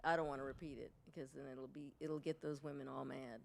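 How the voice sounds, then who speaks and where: A woman co-hosting a podcast, calmly asking probing questions and adding brief remarks. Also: rumbling low, fast, gravelly, dry recording. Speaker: podcast co-host. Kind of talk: casual chat.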